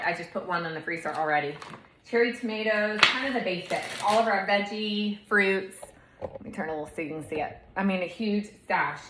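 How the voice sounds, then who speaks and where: A woman's voice: mid-range voice, bright, forceful tone, echoey room, a little hiss or hum, rough recording. A woman in her thirties chatting casually through a shopping haul video at home, with lots of asides. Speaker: lifestyle vlogger.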